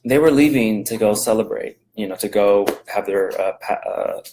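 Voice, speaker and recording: A man's voice: fairly low pitch, moderate pace, noisy background. A man giving a casual daily Bible verse talk from home, rambling and conversational, with many fillers and restarts. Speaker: devotional video host.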